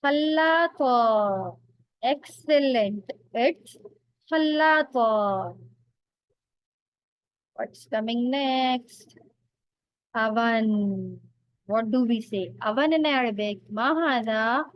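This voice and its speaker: A woman teacher running a vocabulary quiz, asking questions and praising answers in a slow, drawn-out, patient way. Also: a little high, muffled recording. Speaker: language teacher.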